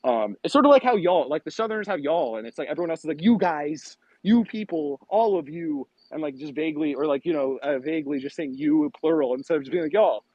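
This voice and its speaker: A man from New England talks in a loose, animated ramble full of swearing. His voice sits a touch high. The recording is close and dry, with a muffled lo-fi tone. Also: rapid-fire, few pauses, no room sound. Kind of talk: casual chat.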